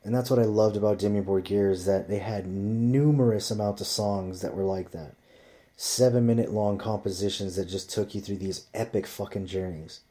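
A man's voice: lowish voice, steady tone, moderate pace, warm tone. A man telling rambling stories in casual chat, swearing constantly as he talks. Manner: profane, rambling storyteller.

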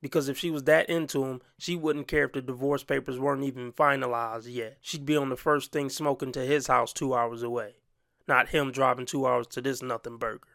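A man comments on a clip, and his talk is blunt, crude and full of mockery. His voice has a gravelly, fried edge. The sound is dry and close. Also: mid-range voice, steady tone, fairly quick, fairly bright tone, no room sound. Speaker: commentary host. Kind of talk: reaction commentary.

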